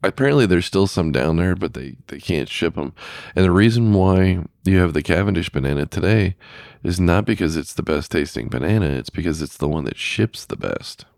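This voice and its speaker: Deep-voiced man hosting a casual podcast. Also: lively intonation, normal speed, gravelly, a little mellow, no echo, clean studio sound. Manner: rambling, many fillers and restarts. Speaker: podcast host. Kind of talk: casual chat.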